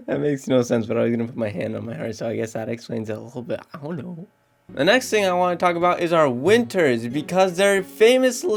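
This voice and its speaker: A teenage man with a slight North Dakota accent hosts a comedic vlog in a sarcastic, self-deprecating way. His pitch swings widely as he jokes. Faint music runs quietly in the background. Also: expressive, a little fast, vocal fry. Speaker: YouTuber.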